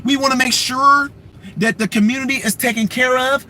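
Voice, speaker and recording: A man mocking a woman politician who preaches and shouts to a church crowd. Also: extremely high pitch, fairly even intonation, moderate pace, a little hiss or hum, exaggerated voice. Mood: pandering.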